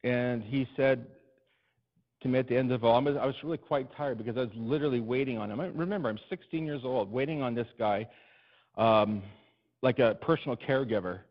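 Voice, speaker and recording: A man's voice: medium pitch, a little fast. Man preaching a story-driven sermon, lo-fi. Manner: emphatic, building to loud repeated refrains. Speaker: pastor. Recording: dull lo-fi recording.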